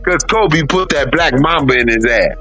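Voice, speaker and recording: A man co-hosting a podcast in casual sports chat, loud and animated, telling stories with shouted impressions and profanity. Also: a little high, normal speed, over loud music. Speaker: podcast co-host.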